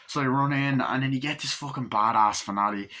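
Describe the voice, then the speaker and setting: A man giving an excitable, casual movie recap, swearing a lot and acting out scenes as he goes. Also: mid-range voice, brisk. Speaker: movie reviewer.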